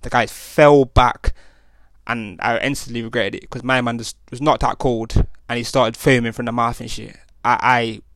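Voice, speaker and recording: A young man hosts a podcast, telling a rambling slang-filled story with lots of restarts and tag questions in a casual monologue. His mid-range voice is steady and fairly bright, and he speaks at a normal speed. The studio recording is clean, with no echo.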